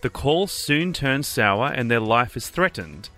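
A man on a radio show, reading movie quiz clues in a clear, measured way. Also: mid-range voice, expressive, sharp tone, soft background music.

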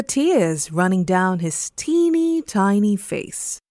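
Slow, expressive woman reading a bedtime story. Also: lowish voice, no room sound, clean studio sound. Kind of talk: scripted bedtime story narration.

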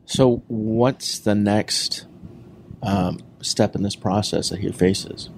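A deep-voiced man hosts a podcast, with a gravelly fry in his voice. He asks brief follow-up questions in a plain tone. Faint noise sits underneath. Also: steady tone, slow, a little mellow. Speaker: podcast host. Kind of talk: podcast discussion.

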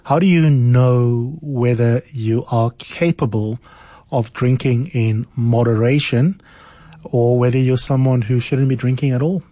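A man hosting a radio interview, asking measured, probing questions. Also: mid-range voice, fairly even intonation, dark tone, no echo. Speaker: radio host.

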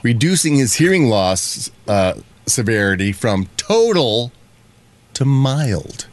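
A man's voice: mid-range voice, slow pace. A man hosting a talk show, chatting casually and joking with his co-hosts. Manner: lively, jokey, slips into mock voices. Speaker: radio show host. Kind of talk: casual comedic banter.

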